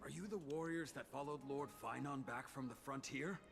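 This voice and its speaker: A man's voice: mid-range voice, brisk, gravelly, a bit bright. An actor playing a formal, polite townsman of an ancient city in a video game. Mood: courteous. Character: male townsman of an ancient city, anxious and courteous. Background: game music.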